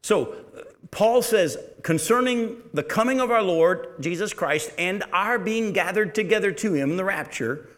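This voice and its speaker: A middle-aged man preaching a sermon in a conversational, storytelling way, sometimes dropping to a quiet, low delivery. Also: animated, normal speed. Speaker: pastor.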